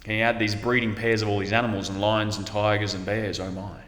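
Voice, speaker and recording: Australian man, low voice, easygoing rambling storyteller, roomy echo with a long tail. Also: level tone, a little fast, fairly bright tone. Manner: rambling, laid-back, drifts off topic. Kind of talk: casual storytelling. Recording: echoey room with long reverb.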